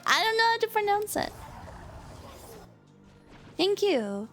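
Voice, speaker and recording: A woman's voice: very high voice, big pitch swings, takes it slowly, long pauses, fairly bright tone, faint music behind. A woman streamer chatting casually while playing a game, giggling often and reading messages from her chat, with a hiccup now and then. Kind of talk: casual gameplay commentary.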